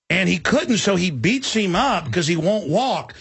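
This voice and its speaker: A man's voice: sits high, expressive, moderate pace, vocal fry, hardly any pauses, fairly bright tone, slightly rough, no echo. A man hosting a talk radio show, talking intensely in a rambling way with many restarts. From Texas.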